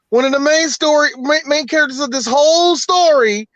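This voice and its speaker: A middle-aged man co-hosting a podcast, talking in animated casual chat with frequent laughter and swearing. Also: very high voice, fairly quick, no echo, dull audio. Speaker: podcast co-host.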